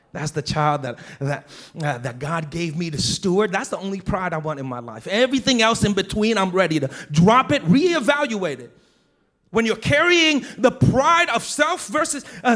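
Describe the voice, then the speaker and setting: A man in his thirties, a pastor, preaching a sermon in a conversational, animated way. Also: on the high side.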